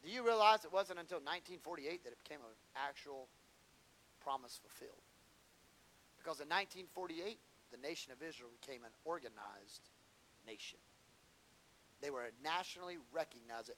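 Man, sermon, vivid storytelling, bright ringing tone. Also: on the high side, lively intonation, normal speed, slight background noise. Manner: storytelling, builds to impassioned shouting. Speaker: pastor.

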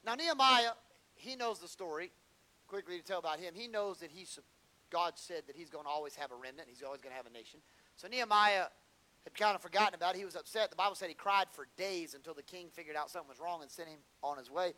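A man preaching a sermon as pastor, storytelling and building to impassioned shouts. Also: high voice, fast.

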